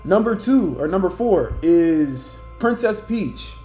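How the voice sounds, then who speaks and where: A young man ranting casually about characters he would put on a list, rambling and acting out quoted lines in higher voices. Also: animated, slow, dark tone, faint music behind. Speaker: YouTuber ranking characters.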